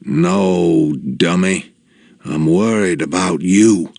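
Man voicing a frail dying old dad, shaky slow words, very deep voice, dry close sound. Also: steady tone, gravelly, darkish tone, no echo, heavily acted. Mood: teasing. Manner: slow, shaky, halting delivery. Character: dying elderly father, gruff, teasing and worried.

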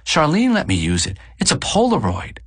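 A man putting on a bright cheerful young wife. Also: a little high, wildly swooping pitch, normal speed, breathy edge, no echo, voice pushed up, heavily acted.

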